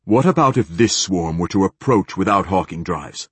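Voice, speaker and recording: A man voicing a persistent male senator who presses his questions in a flat, hard tone. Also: low voice, moderate pace, breathy edge, no room sound, exaggerated voice. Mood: pressing.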